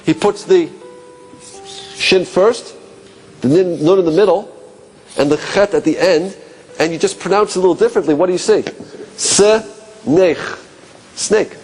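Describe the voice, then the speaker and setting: A man teaching a class, asking rhetorical questions and musing aloud, dropping low and quiet on key points. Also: normal speed, pauses often, soft background music. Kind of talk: classroom lecture.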